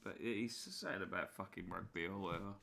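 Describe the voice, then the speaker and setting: A man's voice: low-pitched, brisk, gravelly, a crowd in the background. A British man co-hosting a casual chat over beers, rambling with lots of "like" fillers. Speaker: co-host.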